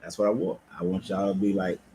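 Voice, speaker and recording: A man's voice: low voice, fast, a little hiss or hum, rough recording. A man, a life coach and cigar lounge owner, talking casually and profanely on a livestream from his lounge. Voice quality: laid-back, profane, animated storytelling.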